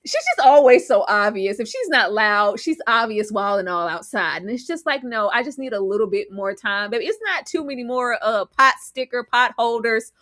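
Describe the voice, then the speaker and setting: Woman host, live chat show; lively, high-ish and bright, acts out the lines she quotes. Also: moderate pace, hardly any pauses, dry recording, studio quality. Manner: animated, acts out character lines. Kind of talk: casual live show discussion.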